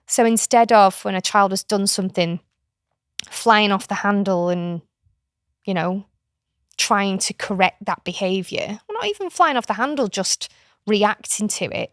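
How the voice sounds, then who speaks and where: A woman's voice: mid-range voice, no echo, studio quality. A middle-aged British woman talking frankly and chattily as a podcast guest, explaining a parenting approach. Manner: frank, chatty explainer who slips into playful voices. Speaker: podcast guest, author and kinship carer. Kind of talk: casual podcast conversation.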